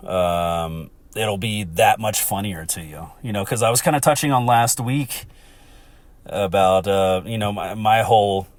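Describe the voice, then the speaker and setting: A man hosting a casual solo podcast, swearing often and laughing as he tells a story, with sudden shouted impressions. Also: mid-range voice, dry recording. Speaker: podcast host.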